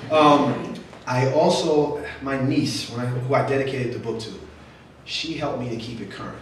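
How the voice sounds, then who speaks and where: A man's voice: mid-range voice, moderate pace. A man, an author, talking casually with young readers and answering their questions, joking and acting out quoted voices. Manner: chatty, jokey, acts out quoted voices. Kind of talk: casual talk with audience Q&A. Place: event room at a literary center. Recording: very echoey room from far off, faint noise.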